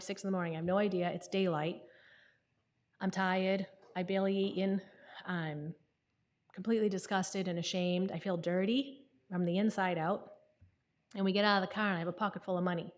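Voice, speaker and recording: A woman, speaking candidly at a conference and often checking in with the audience. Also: mid-range voice. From New England. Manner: candid, conversational, often asks "right?". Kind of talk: personal testimony talk.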